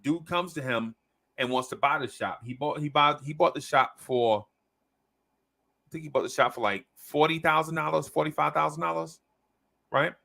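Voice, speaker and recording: A man's voice: on the high side, moderate pace, gravelly. A man on a podcast telling a long story in casual chat, acting out the people in it. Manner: animated storyteller, acts out quoted voices. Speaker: podcast host.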